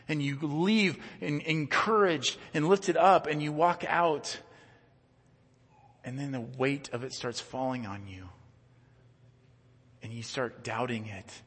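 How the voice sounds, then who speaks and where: Male pastor, conversational sermon delivery, repeats words, medium pitch, big reverberant sanctuary. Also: slow, long pauses, fairly bright tone, breathy edge. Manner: earnest, conversational preaching with frequent word repeats. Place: church sanctuary. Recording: long church reverb.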